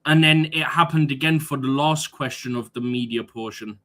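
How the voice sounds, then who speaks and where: A young man co-hosts a football livestream in casual chat, pressing his points emphatically with rhetorical questions. His mid-range voice is a bit bright and his pace normal.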